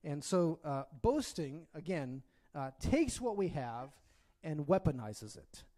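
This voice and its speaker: A man's voice: a little high, big pitch swings, slow pace, warm tone. A man preaching a sermon in a conversational way, often checking in with his listeners and delivering it expressively. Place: church.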